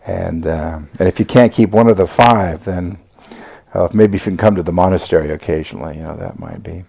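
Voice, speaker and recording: Older American man with a deep, gravelly voice. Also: mellow. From United States. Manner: halting, with many fillers and restarts. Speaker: Buddhist teacher giving a talk. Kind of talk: reflective dharma talk.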